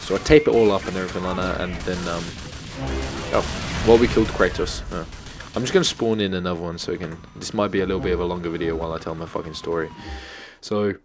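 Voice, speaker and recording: A man's voice: low-pitched, steady tone, fast talker, music in the background. A man ranting and swearing as he tells a story while playing a video game. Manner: annoyed, swearing, rambling. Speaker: gaming channel host. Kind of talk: storytime rant over gameplay. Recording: game gunfire noise behind voice. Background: game gunfire and explosions.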